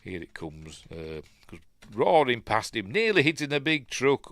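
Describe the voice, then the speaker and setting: A man's voice: on the low side, very animated, moderate pace, no echo, clean studio sound. Rambling Yorkshire man reviewing a film. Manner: rambling, chuckles at his own asides. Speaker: film review podcast host. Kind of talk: casual film commentary.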